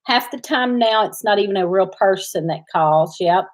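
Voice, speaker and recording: A middle-aged Southern woman hosts a relaxed farm livestream. She talks at an easy clip, laughs often, and reads viewer comments aloud as she goes. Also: mid-range voice, moderate pace. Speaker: host. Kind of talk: casual livestream chat.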